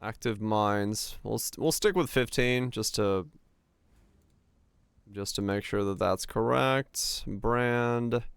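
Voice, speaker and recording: Gravelly, smooth-voiced male streamer. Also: fairly low pitch, slow, no echo. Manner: rambling, answers chat questions, thinks aloud. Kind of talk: casual gameplay chat with chat.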